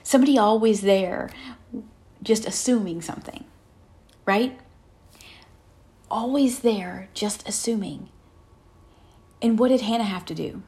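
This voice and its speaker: A woman preaching a conversational sermon in an earnest tone, often turning to her listeners with a quick "right?". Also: medium pitch, mellow.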